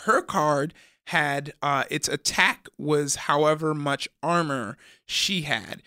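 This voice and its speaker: A young man co-hosting a casual gaming chat, animated and laughing often, with many stumbling restarts. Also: a little high, slow, clean tone, no room sound, clean studio sound. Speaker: podcast co-host.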